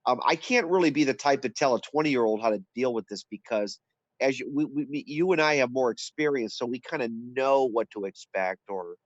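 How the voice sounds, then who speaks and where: A middle-aged man appearing as a guest, stuffed up with a cold, speaking haltingly with many restarts. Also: mid-range voice, no room sound, lo-fi sound. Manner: halting, repeats words and fills with "uh". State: congested with a cold. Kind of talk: casual conversation on a live stream.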